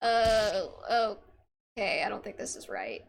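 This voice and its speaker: A woman's voice: medium pitch, sing-song, slow, creaky, a little hiss or hum. A woman streaming a game, reacting with casual, incredulous commentary and swearing.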